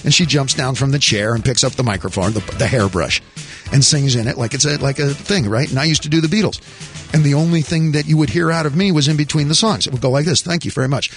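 A man hosting a radio show in the studio, joking and rambling, laughing often. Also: medium pitch. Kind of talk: casual radio chat.

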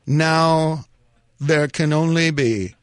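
Man doing a hushed British nature narrator. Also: fairly high pitch, dry recording, studio quality. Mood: hushed suspense. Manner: slow, hushed, dramatic pauses. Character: hushed male wildlife documentary narrator.

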